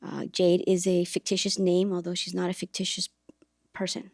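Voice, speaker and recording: A woman's voice: on the low side, monotone, normal speed, creaky, dry recording, clean studio sound. A woman hosting a podcast, telling a personal story in a reflective, earnest way, with hesitations and restarts. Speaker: podcast host and author.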